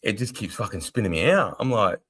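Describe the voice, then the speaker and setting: A middle-aged Australian army veteran co-hosting a casual live stream, blunt, rambling and heavily profane. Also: male voice, lowish voice, very animated, fairly quick, a bit bright, slightly rough. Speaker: livestream co-host, army veteran.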